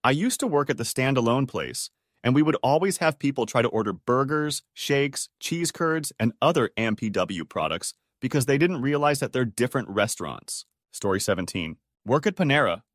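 Man reading stories with a lively voice. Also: medium pitch, moderate pace, dry recording, clean studio sound. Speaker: story narrator. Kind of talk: scripted narration of online stories.

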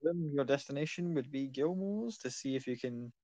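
A man's voice: medium pitch, animated, normal speed, dark tone, slight background noise. A man narrating a tabletop game as game master, in a casual, loose style.

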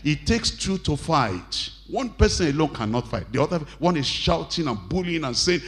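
Man preaching with dramatic voice swings. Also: expressive. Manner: acts out quoted bosses and wives, shouting high and pleading soft; reads scripture slowly and deliberately. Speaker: pastor. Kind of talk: sermon.

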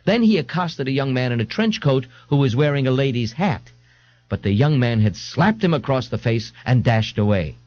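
A man narrating an audiobook in an expressive, theatrical reading style. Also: medium pitch, moderate pace, dry recording. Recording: dull lo-fi dry studio tape.

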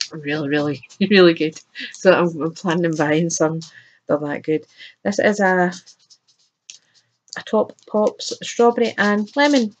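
Woman, lowish voice, chirpy casual unboxing chat, noisy home recording. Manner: chatty, chirpy, breaks into laughs. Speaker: unboxing vlogger.

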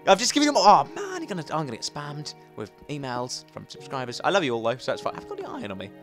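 An excitable young man talks fast over faint game music, his pitch leaping around as he rambles through casual gameplay commentary. He restarts sentences constantly and bursts out loud when the action gets tense. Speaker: gaming YouTuber. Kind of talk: casual let's play commentary.

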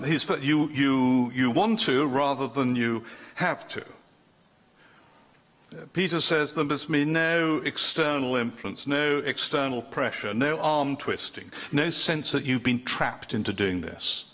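A man's voice: mid-range voice, a bit bright. An older man preaching a sermon in a chatty, joking way, often breaking off mid-sentence and teasing the congregation.

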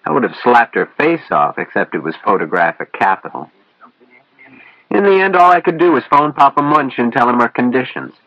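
A man's voice: mid-range voice, very animated, normal speed, pushed and bright, no echo, muffled recording. A man narrating an audiobook in the first person, with a wry, hard-boiled storytelling manner.

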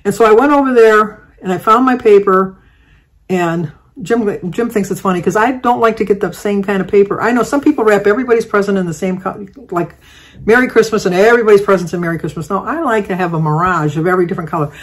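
Older woman vlogger, casual rambling storyteller, mid-range pitch, lots of ums and restarts. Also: fast talker. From Michigan, United States. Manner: rambling, chatty, with many fillers and restarts.

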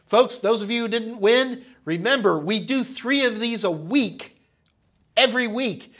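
A man's voice: very high-pitched, measured pace, fairly bright tone. A man hosting a live tech question-and-answer stream, chatty and upbeat, calling viewers folks, with a nagging cough. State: coughing, slightly hoarse.

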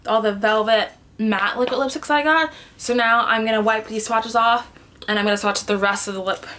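Her voice is a little high, steady and fairly bright, moving at a moderate pace. She's a beauty vlogger seated on the floor at home, chatting to a camera in a casual product swatching vlog, thinking aloud and frequently sinking into a murmur.

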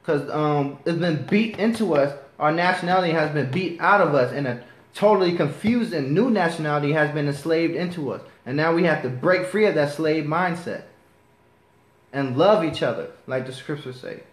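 A man's voice: a little high, moderate pace. A man preaching a sermon to a class, reading scripture and pressing his points with passion that turns to righteous anger. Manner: impassioned, rising to righteous anger. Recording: echoey room.

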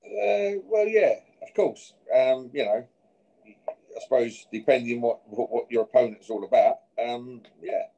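A man's voice: mid-range voice, a little slow, vocal fry, warm tone, lo-fi sound. A man being interviewed, confrontationally challenging a rival and ending his points with "yeah?". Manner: confrontational, repeats "yeah?" after each point. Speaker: boxer issuing a challenge. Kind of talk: interview, trash talk.

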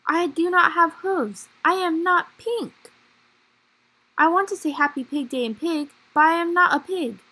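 A woman voicing a shy, worried gray male elephant in a children's picture book reading, speaking slowly, hesitantly and glumly. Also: extremely high pitch, sharp tone, exaggerated voice, rough recording. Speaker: library storyteller.

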